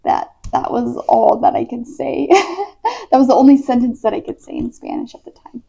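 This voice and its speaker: Chatty young woman with a gravelly fry. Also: sits high, expressive, moderate pace, warm tone. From United States. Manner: chatty, many "like" fillers, laughs easily. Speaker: missionary. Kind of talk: casual storytelling vlog. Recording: dull lo-fi recording.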